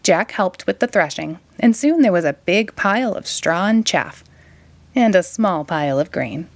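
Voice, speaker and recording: Woman reading a kids picture book aloud, expressive, lively melody, very dry close sound. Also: fairly low pitch, normal speed, no echo. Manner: expressive, sing-song. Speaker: storytime reader.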